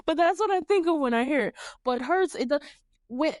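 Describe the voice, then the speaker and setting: A woman's voice: sits high, animated, brisk, no room sound, clean studio sound. A young woman from New York hosting a podcast, chatting casually and animatedly, laughing often and swearing freely. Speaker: podcast host. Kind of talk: casual chat.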